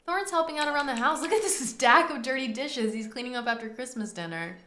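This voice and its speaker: A woman's voice: sits high, brisk, sharp tone, reverberant. A woman hosting a gaming video, reacting dramatically as she comments on her game. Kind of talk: casual gameplay commentary.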